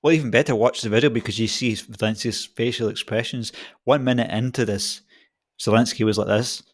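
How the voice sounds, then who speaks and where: A man's voice: mid-range voice, fairly even intonation, a little fast. A man hosting a podcast, talking conversationally. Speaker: podcast host.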